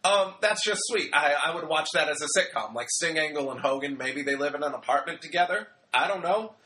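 Young male reviewer, bright slightly high voice, rambling jokey recap delivery. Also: animated, a little fast. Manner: chatty, rambling, joking, acts out quotes. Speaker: wrestling show reviewer. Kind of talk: casual recap commentary.

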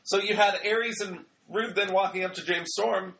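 A man's voice: high voice, fairly even intonation, measured pace, creaky, bright, forceful tone. A young man casually recapping a wrestling show, rambling and joking and acting out bits of dialogue. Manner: chatty, rambling, joking, acts out quotes.

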